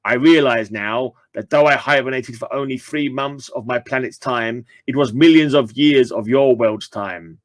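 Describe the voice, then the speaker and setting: A man voicing a calm male alien who collects beasts for a zoo, speaking slowly and formally. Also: mid-range voice, no echo, natural voice. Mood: solemn. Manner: slow, measured and formal.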